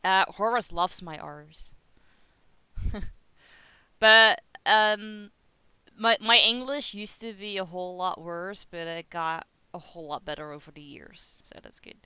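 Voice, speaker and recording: A woman's voice: on the low side, takes it slowly, sharp tone, smooth, dry recording. A young woman with a Dutch accent, chatting casually with her live-stream viewers and laughing often. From Netherlands. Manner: chatty, giggly, reads chat aloud.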